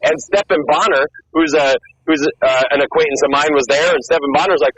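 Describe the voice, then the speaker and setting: A man in his thirties, a former Marine and fighter, telling stories in a fast, profane, excited way and acting out what people said. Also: on the high side, muffled recording. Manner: fast, profane, excited storytelling with acted-out quotes. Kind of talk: casual interview storytelling.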